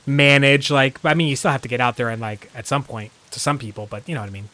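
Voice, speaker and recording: Fast-talking, with a medium-pitched, bright and forceful voice, a man chats casually while streaming a game. He rambles, drops "like" constantly, and reacts jumpily when startled.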